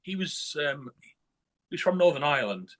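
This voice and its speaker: A man's voice: on the high side, sing-song, normal speed, fairly bright tone. A man from northern England talking bluntly in a casual interview, swearing a lot and restarting his sentences. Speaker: guest musician.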